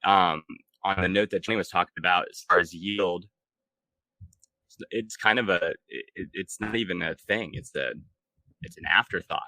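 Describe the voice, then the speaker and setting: A man co-hosting a casual podcast chat, talking in a relaxed, laid-back way with many fillers. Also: sits low, normal speed, pauses often, no echo, rough recording. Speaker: podcast co-host.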